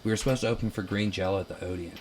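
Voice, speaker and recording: Young male musician from Ohio, casual chat in a basement, low voice, bursts into loud quoted lines. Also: very fast, a little hiss or hum. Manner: animated, laughing, acts out quotes loudly. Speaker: musician guest.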